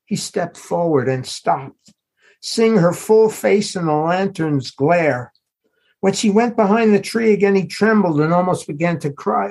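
A man, the author, reading aloud from his novel in a measured, unhurried storytelling manner. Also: fairly high pitch, husky. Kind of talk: literary reading.

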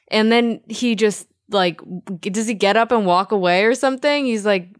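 A woman's voice: mid-range voice, normal speed. A woman co-hosting a casual podcast, swearing freely and acting out characters as she retells scenes. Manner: profane, animated retelling with quoted voices. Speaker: podcast co-host. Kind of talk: casual chat recapping a period drama.

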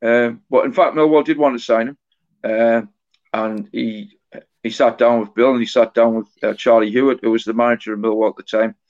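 A middle-aged man speaks as an author and guest on a casual podcast, recalling stories in a halting, anecdotal way. His voice sits low and keeps a flat, even tone with little rise or fall. The audio is slightly dull and lo-fi.

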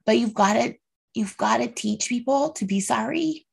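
Her pitch sits fairly high, her pace is moderate, and her voice has a creaky, slightly rough quality. She's a woman in her thirties hosting a casual solo podcast, speaking openly and heartfeltly about faith and feelings while often asking "right?" and "okay."

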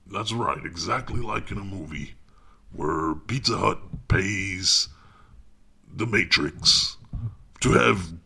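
Man playing a gravelly, pompous writer. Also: deep voice, takes it slowly, pauses often, sharp tone, heavily acted. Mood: grandiose. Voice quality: pompous, rambling, condescending. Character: pompous self-important male writer. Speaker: author recording his audiobook. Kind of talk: comic monologue.

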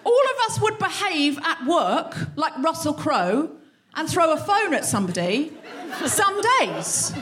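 A woman's voice: high voice, sing-song, unhurried, fairly bright tone. A woman hosting a live comedy podcast on stage, talking straight to the crowd, swearing a lot and acting out both sides of a row herself. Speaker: podcast host. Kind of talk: live stand-up monologue. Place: concert hall in front of a live audience.

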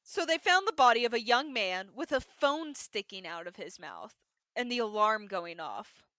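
A woman's voice: a little high, normal speed, no echo. A young woman co-hosting a podcast, animatedly recapping a TV episode in casual chat, peppering her story with "like". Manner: animated storyteller, heavy use of "like". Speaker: podcast co-host.

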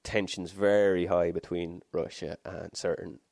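A man with a very low, gravelly voice rambling through a casual chat with quick asides. The sound is close and dry, with no room behind it. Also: little pitch movement, darkish tone, dry recording.

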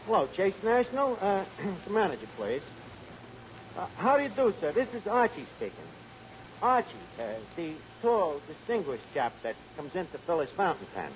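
A brash, scheming bar manager. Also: male voice, sits high, very animated, normal speed. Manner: brash wisecracking with malapropisms. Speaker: tavern manager. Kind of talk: 1940s radio sitcom acting. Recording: dull lo-fi 1940s radio broadcast with hiss.

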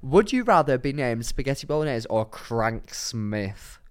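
A man's voice: medium pitch, big pitch swings, a little slow, smooth. Podcast guy getting worked up and swearing, voice jumps all over. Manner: argumentative, indignant, swearing. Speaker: podcast co-host. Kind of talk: casual banter.

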